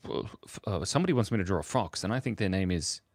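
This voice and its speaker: A man's voice: deep voice, lively intonation, quick pace, slight background noise. A man chatting casually while he draws on a live stream, playful and rambling, laughing often at his own jokes. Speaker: streamer drawing for chat.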